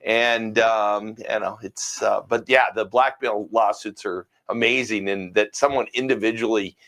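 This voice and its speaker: A man's voice: fairly low pitch, fairly even intonation, a little slow, fairly bright tone. A man in a casual panel chat, giving wry commentary with frequent hesitations and restarts.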